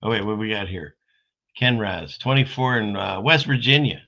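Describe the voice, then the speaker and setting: A man's voice: fairly low pitch, moderate pace, gravelly, bright, forceful tone. A man hosting a casual live stream, rambling in a folksy way as he reads out viewer comments. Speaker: streamer host. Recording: dull lo-fi stream audio.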